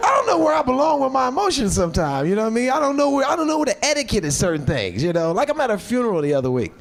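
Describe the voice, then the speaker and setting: A stand-up comedian on stage with a strikingly high, bouncing voice. He swings between muttered asides and shouted punchlines. The live mic carries a clear layer of room noise. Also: rapid-fire. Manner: animated, shouting punchlines, acting out quoted voices. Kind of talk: stand-up routine.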